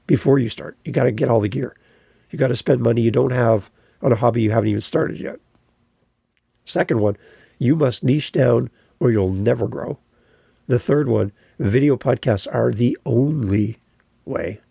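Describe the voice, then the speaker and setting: A man's voice: mid-range voice, gravelly, dark tone, husky, dry recording, clean studio sound. A man hosting his own podcast alone, talking emphatically and repeating phrases for stress. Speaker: podcast host. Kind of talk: solo podcast monologue.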